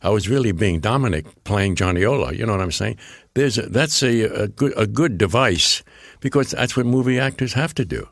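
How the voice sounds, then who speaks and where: An older man with a Bronx accent, his voice very low and gravelly. He tells rambling anecdotes as an interview guest, slipping into the voices of the people he quotes. The recording is close and dry. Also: animated, brisk, no echo. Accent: New York Bronx. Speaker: guest actor. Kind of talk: storytelling interview.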